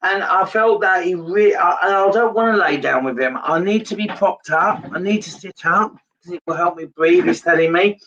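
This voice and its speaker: A man's voice: high voice, moderate pace, bright, forceful tone, recorded from a distance, lo-fi sound. A man giving a live psychic reading, earnest and repetitive in his phrasing. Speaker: medium.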